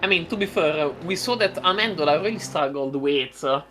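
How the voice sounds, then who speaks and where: A woman doing casual live commentary on a sim race, playful and prone to giggling, with bursts of excitement. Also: deep voice, fairly quick, a little hiss or hum, rough recording.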